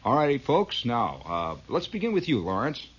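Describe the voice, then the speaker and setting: A man voicing a bland, well-scrubbed TV host who speaks in smooth, hollow announcer patter. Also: medium pitch, huge pitch swings, moderate pace. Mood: pompous. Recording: dull lo-fi old recording.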